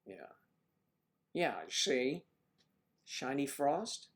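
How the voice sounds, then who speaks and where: A man's voice: medium pitch, very animated, drawn-out words. A man hosting a casual livestream, rambling playfully and greeting viewers by name. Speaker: livestream host.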